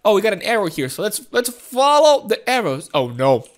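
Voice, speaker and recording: A woman commentating her own gameplay, excitable and giggly, often talking to viewers. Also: mid-range voice, brisk. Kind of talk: playful game commentary.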